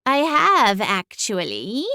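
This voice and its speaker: A woman's voice: fairly high pitch, huge pitch swings, takes it slowly, pushed and bright, no echo, studio quality, pitched above the performer's own voice, full character voice. A woman voicing a smug, sassy female cat familiar in an audiobook, with a drawling, sing-song, condescending delivery. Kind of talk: audiobook character voice.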